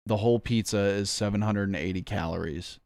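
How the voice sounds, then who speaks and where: A man's voice: on the low side, fairly even intonation, brisk, darkish tone, no room sound, clean studio sound. A man chatting casually on a stream, rambling and swearing in a jokey, offhand way. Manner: rambling, profane, jokey, says "bro".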